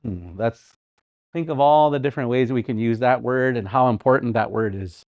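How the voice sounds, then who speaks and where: A man teaching a live language class, speaking slowly and repeating words with rhetorical questions. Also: medium pitch, narrow, tinny audio. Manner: slow, repetitive, with sounded-out words and rhetorical questions.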